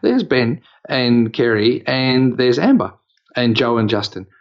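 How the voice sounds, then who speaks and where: A man's voice: mid-range voice, sing-song, measured pace, muffled recording. A man with an Australian accent, casually telling a long personal story on a podcast, rambling with fillers and restarts. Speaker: podcast co-host.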